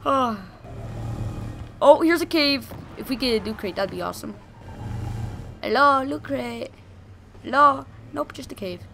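A young woman giving excited gameplay commentary, gushing and shouting during fights. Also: on the high side, moderate pace, creaky, pauses often, soft background music. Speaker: gaming video host.

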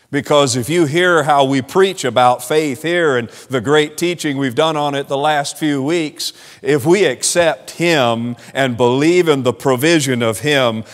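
A pastor from West Virginia with a West Virginia Southern accent and an Amish German first language, preaching a sermon in an earnest, homespun way. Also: male voice, mid-range voice. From West Virginia, USA. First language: Amish dialect of German. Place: church sanctuary. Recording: long reverb of a church hall.

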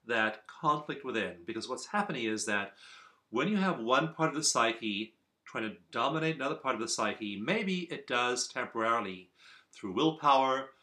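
Bright-voiced man teaching a video lesson. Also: mid-range voice, lively intonation. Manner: earnest, measured, with repeated emphasis. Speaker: teacher of a self-help program. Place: office.

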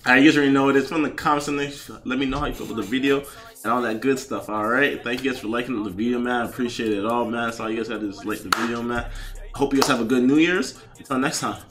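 A man's voice: medium pitch, very fast, noisy background. Laid-back male reaction host. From Philippines. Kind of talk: casual reaction commentary. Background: music.

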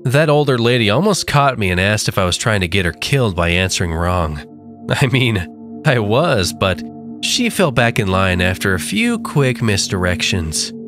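A man's voice: fairly low pitch, sing-song, moderate pace, a bit bright, soft background music. A man voicing a young woman killer who speaks coldly and gloats. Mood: gloating. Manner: cold, gloating.

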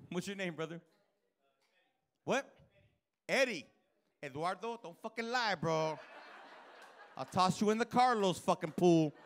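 A man's voice: high voice, animated, measured pace, pauses often, slight background noise. A male stand-up comedian on a comedy club stage, doing brash, profane, teasing crowd work with the audience.

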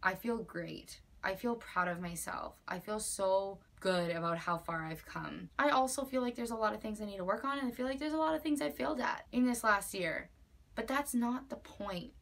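A woman's voice: mid-range voice, moderate pace, gravelly, a bit bright. Woman, 20s, vlogger; heartfelt and emphatic, everyday mid-range voice, close to tears at moments. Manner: earnest, emphatic, with many likes and repeated phrases. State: near tears at times. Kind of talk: personal heartfelt vlog.

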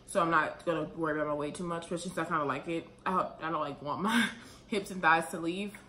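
A young pregnant woman talking to camera in a casual vlog, a little out of breath and rambling quickly with lots of fillers. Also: on the low side, fairly bright tone. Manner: chatty, rambling, fast with many fillers. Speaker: vlogger. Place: room at home, late at night. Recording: echoey room with faint ambient noise.

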